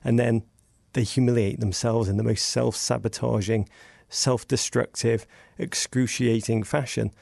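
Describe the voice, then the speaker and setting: A middle-aged man with an English accent, a podcast guest talking in vivid, storytelling bursts that rise in pitch for emphasis. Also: fairly even intonation, unhurried, creaky, a little mellow, dry recording, clean studio sound. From England. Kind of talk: animated casual chat.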